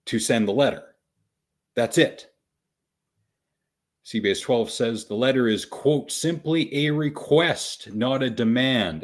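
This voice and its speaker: Wry man explaining slowly. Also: fairly low pitch. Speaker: podcast host. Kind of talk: casual podcast commentary.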